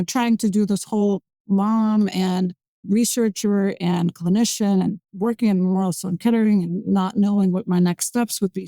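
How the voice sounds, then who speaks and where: Woman in her forties from Azerbaijan as interview guest, mellow tone, halting speech full of fillers. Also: mid-range voice, no room sound. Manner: hesitant, many fillers and restarts. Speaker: physician-scientist guest. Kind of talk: conversational interview.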